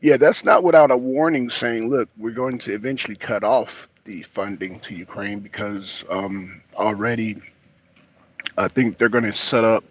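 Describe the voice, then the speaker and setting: A man's voice: on the low side, moderate pace, husky, lo-fi sound. A man hosting a political talk show, chatting casually from home and his car in a loose, rambling, slangy way. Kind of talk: casual solo vlog commentary.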